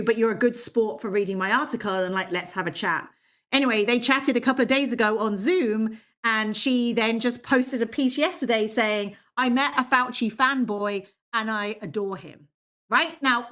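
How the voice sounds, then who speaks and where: A middle-aged woman giving an academic lecture in a conversational way, with frequent fillers and quoted asides. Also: mid-range voice.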